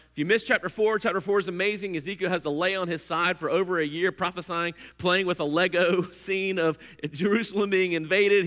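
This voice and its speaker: A man preaching a sermon, telling the story with animated, humorous energy. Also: high-pitched, big-room sound.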